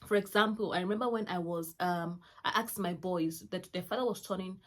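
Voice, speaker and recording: Her voice is fairly low and a little fast as this roughly forty-year-old mother chats to camera on her own channel. The parenting advice comes out warm and rambling, with plenty of fillers and false starts.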